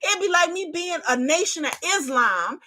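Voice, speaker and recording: A woman's voice: very high-pitched, lively intonation, moderate pace, bright, forceful tone. A woman doing a live reaction stream, delivering a profane comedic rant. She swears constantly, repeats lines for emphasis and keeps breaking into laughter.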